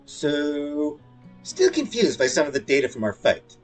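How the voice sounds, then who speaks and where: While playing a video game, a man reads its dialogue aloud in character voices and drops playful, jokey asides between lines, let's-play style. His voice is a little high and very animated, his delivery a little slow, with faint music in the background.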